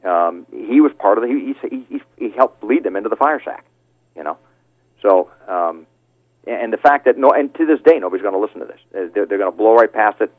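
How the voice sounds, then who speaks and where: Over a tinny phone line, a middle-aged man calling in to a radio show speaks as the father of a fallen Marine. His voice is fairly low with lively intonation and a slightly fast pace, with no room sound, and this heated interview is full of passion, indignation, fillers, and restarts.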